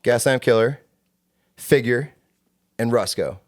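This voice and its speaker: A man telling rowdy stories as a guest on a casual podcast, swearing a lot and acting out the shouted lines in them. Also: mid-range voice, slow. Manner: animated, profane, acts out shouted quotes. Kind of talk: casual storytelling chat.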